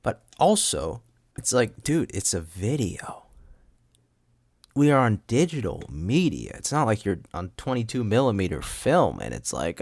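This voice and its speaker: A man's voice: on the low side, sing-song, moderate pace, creaky, no echo, clean studio sound. A man hosting a solo podcast at a home desk mic, rambling with goofy asides and frequent laughs. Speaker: podcast host. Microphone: studio microphone.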